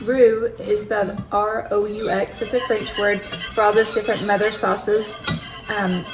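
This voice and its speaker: A woman's voice: medium pitch, level tone, a little slow, music in the background, low-quality recording. A middle-aged woman chatting through a cooking demonstration in her home kitchen, explaining each step as she goes. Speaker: home cook demonstrating a recipe. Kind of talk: casual cooking tutorial.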